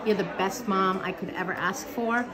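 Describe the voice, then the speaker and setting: A woman's voice: mid-range voice, steady tone, moderate pace. A woman giving a heartfelt, devout birthday tribute to her mother. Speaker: daughter. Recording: party crowd behind.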